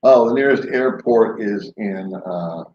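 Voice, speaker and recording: Chuckling through jokey, rambling stories, a man hosts a late-night live stream from his home in the Philippines. His fairly low, darkish voice moves at a measured pace. The recording is dull and lo-fi, in an echoey room.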